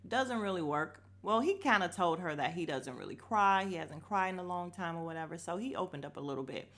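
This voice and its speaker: A woman's voice: lowish voice, lively intonation, a little fast, a bit bright. A woman hosting a podcast, recapping a reality show in a blunt, opinionated way, swearing freely and getting heated when something annoys her. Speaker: podcast host.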